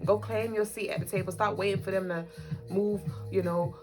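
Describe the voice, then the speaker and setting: A woman co-hosts a spiritual livestream, speaking directly to her viewers in a casual, repetitive, emphatic manner. Her voice is medium-pitched with fairly even intonation and a fairly quick pace, and music plays behind her.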